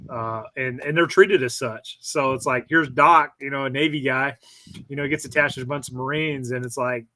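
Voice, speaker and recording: Bright-voiced male podcast host. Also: medium pitch, moderate pace, rough recording. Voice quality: relaxed, explains things for listeners. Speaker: podcast host, Marine veteran. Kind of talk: casual interview.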